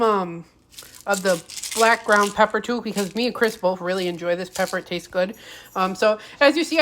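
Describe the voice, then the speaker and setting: A woman's voice: fairly high pitch, fairly bright tone. A young woman chatting casually while cooking in her home kitchen, rambling and self-deprecating as she drifts off topic. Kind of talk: casual cooking vlog chat.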